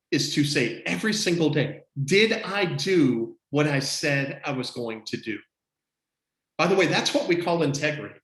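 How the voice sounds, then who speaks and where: A man coaching his team on a video call, delivering an energetic, motivational talk with emphatic repetition. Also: on the high side, echoey room, rough recording. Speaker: business coach.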